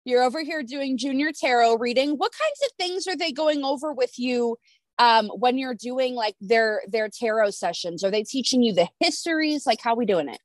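A woman hosting a casual podcast chat, frank and easygoing, with casual swearing. Her voice sits a little high, and the recording is dry and close. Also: lively intonation, moderate pace, dry recording. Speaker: podcast host.

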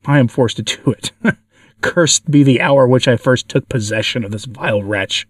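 A tormented demon in a spoken story, read by a man, shrieking and laughing in defiance. The pitch sits in the middle. The sound is dry and set back from the microphone. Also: normal speed, no room sound, natural voice. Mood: defiant. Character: tormented male demon forced to confess. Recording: dry, from far off the mic.

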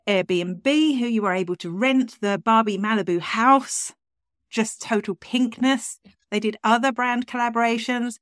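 A woman's voice: on the high side, fairly bright tone, no echo, clean studio sound. A woman hosting a podcast, chatting in an upbeat way with lots of asides. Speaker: podcast host. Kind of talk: casual chat.

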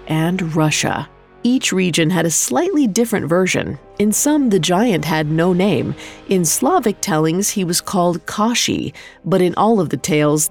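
Woman storyteller, low voice, steady scripted narration over faint music.

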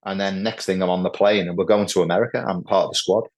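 Scouse guy in his 40s or 50s, lowish voice, rambling funny stories, says like a lot. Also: quick pace. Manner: animated anecdotes, lots of "like" and "right". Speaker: podcast guest, former footballer. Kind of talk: casual storytelling chat.

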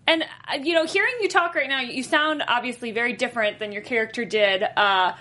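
A woman's voice: fairly high pitch, brisk, pushed and bright. A woman hosting a casual interview, chatty and reading viewer questions from the chat. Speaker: host.

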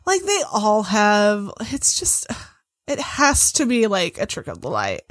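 A woman's voice: medium pitch, huge pitch swings, measured pace, no room sound, studio quality. A woman voicing a casual young woman who likes to party, talking loosely and offhandedly with lots of "like". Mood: evasive. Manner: loose, filler-heavy, offhand.

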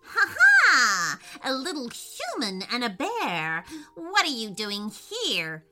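Woman playing a loud cackling old storybook witch, nasty temper, bright voice, soft music behind. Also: fairly high pitch, big pitch swings, slow pace, exaggerated voice. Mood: furious.

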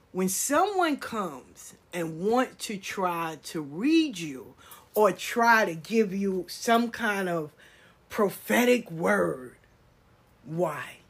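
Blunt, animated woman podcaster. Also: mid-range voice, slightly rough. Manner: blunt, animated, swears freely. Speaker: podcast host. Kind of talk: casual monologue.

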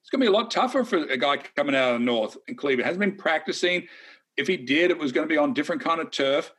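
A man co-hosting a casual golf betting chat, talking in a chatty, animated way with folksy asides. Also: a little high, quick pace, slightly rough. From Australia. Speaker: golf analyst co-host.

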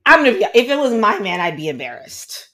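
A woman from Miami chats as a podcast guest, blunt and candid. Her voice sits at a middle pitch, and she talks freely with plenty of "like" fillers. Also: sing-song, fast, a bit bright. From Miami, United States. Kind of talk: casual chat.

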